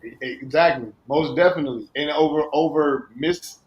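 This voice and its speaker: A man's voice: on the high side, moderate pace, roomy sound, muffled recording. A man hosting a podcast, casually retelling a story at length with filler words. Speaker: podcast host.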